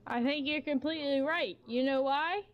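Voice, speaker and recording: A woman's voice: high-pitched, moderate pace. A woman joining a podcast on a video call, playful and giggly. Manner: giggly, playful, talks over others. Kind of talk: casual chat on a live stream. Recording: dull lo-fi stream audio.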